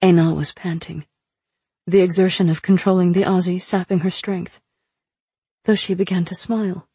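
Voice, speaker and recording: A woman narrating a novel in the first person as an audiobook reader, in a hushed, dark manner. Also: lowish voice, level tone, normal speed, slightly rough, no echo.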